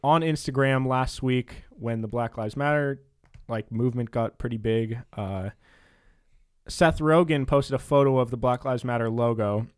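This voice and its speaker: A man's voice: mid-range voice, normal speed, a little mellow, smooth. A young man co-hosting a podcast, chatting casually and laughing as he reads comments aloud. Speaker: podcast co-host. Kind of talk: casual chat.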